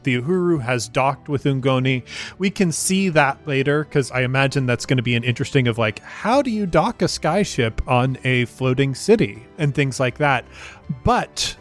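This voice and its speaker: A man's voice: mid-range voice, animated, normal speed, faint music behind. A man narrating a tabletop game as game master, describing scenes in a cinematic way with frequent fillers.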